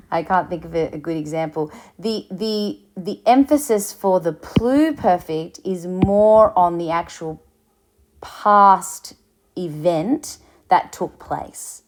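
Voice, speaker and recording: A woman teaching a recorded lesson, explaining slowly, with fillers and restarts. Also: fairly low pitch, lively intonation. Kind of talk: recorded lecture.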